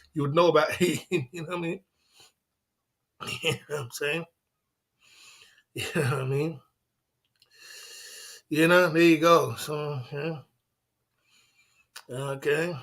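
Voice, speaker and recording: Man with a raised pitch hosting a livestream. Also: sharp tone. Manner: rambling, laughs often, repeats "you know what I mean"; defiant, boastful. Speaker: livestream host. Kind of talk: casual livestream chat.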